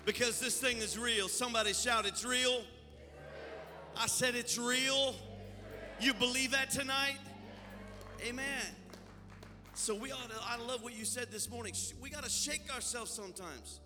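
A man's voice: very high voice, moderate pace, crowd noise. A male pastor leading worship and preaching a fervent sermon, exhorting the congregation in a church sanctuary. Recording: long church-hall reverb, faint music behind.

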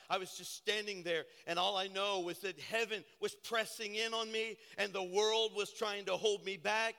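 An older man and pastor preaching a sermon with passion, swinging from hushed to loud. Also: high voice, steady tone, normal speed, few pauses. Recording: church sanctuary reverb.

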